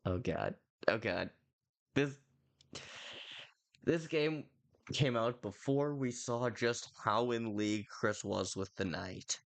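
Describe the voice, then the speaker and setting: A man streaming a video game, giving excitable commentary and reacting between lines. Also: mid-range voice, slow, vocal fry, pauses often. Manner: excitable, reading game dialogue aloud. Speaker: gaming streamer. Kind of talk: let's play commentary.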